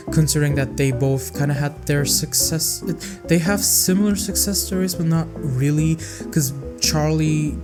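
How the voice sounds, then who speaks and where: Chatty young man reviewing songs. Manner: chatty, rambling, expressive swings in pitch. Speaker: music reviewer. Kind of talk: casual music review vlog. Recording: music playing behind the voice.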